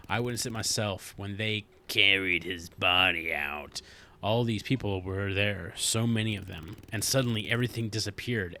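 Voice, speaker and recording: A man reading aloud as an old male park ranger in a horror game, leaning hard on odd words with dramatic pauses. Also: fairly low pitch, sharp tone.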